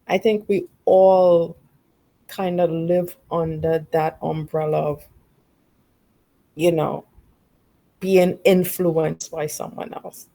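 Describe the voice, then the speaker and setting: Slow, gravelly, mellow-voiced woman. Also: deep voice, flat delivery. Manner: reflective, long run-on sentences. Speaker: participant. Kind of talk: casual group discussion.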